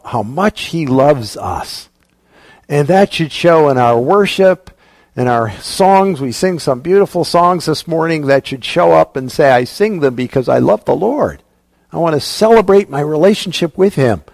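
A pastor preaching a sermon with earnest conviction, dropping soft and low when he quotes scripture and when he prays. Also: no echo.

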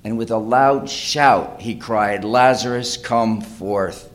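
A man preaching a sermon, reading scripture aloud and explaining it, rising to loud dramatic cries and often repeating phrases. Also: fairly low pitch, takes it slowly.

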